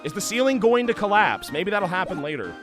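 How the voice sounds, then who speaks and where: A man's voice: high voice, very animated, brisk, music in the background. A man streaming a game, making sarcastic, jokey asides as he reads. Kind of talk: let's play commentary.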